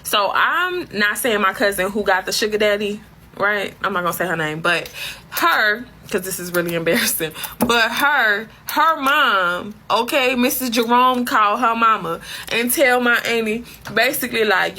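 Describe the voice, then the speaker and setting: A woman's voice: mid-range voice, moderate pace, bright, forceful tone. A woman telling a comic story as a profane, exasperated rant full of slang. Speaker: comedic storyteller.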